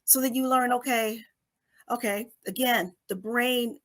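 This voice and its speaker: A woman's voice: a little high, steady tone, unhurried, a bit bright. A middle-aged woman, a guest coach on an interview show, explaining in a teacherly way and checking in with listeners by asking "okay?" again and again. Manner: briefly acts out babies and parents.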